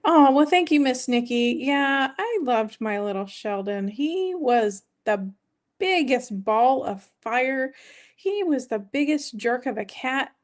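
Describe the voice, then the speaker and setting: A woman hosts a casual weight-loss live stream from her home, with a voice pitched a little above the usual. She rambles in a chatty way, greeting viewers by name and thanking them as she goes. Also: expressive, takes it slowly.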